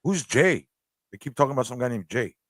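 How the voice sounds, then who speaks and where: A man's voice: mid-range voice, lively intonation, fairly quick, no echo, clean studio sound. A man co-hosting a casual livestream, tossing in joking, exclamatory asides. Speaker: livestream co-host.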